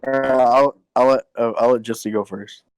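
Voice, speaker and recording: A man's voice: medium pitch, fairly even intonation, moderate pace, smooth, dry recording, faint music behind, poor audio. A man guest on a podcast, apologetic and eager to ask questions, over a glitchy internet voice chat. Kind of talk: casual chat.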